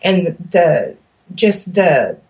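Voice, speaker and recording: Woman, mid-pitched, empathic co-host who speaks in halting fragments; distant, muffled recording. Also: sing-song, darkish tone. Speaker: podcast co-host. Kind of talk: casual podcast chat. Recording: distant, dull lo-fi podcast audio.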